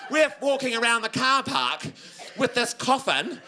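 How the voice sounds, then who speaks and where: A young New Zealand man telling a stand-up story on stage, acting out voices and swinging from high squeals to low grumbles. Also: big pitch swings, a little slow, pushed and bright. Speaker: stand-up comedian. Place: comedy venue with laughing audience.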